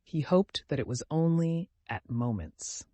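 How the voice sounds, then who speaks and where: A man narrating a classic novel as an audiobook in a measured, even storytelling voice. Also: on the high side, dry recording. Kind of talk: scripted narration.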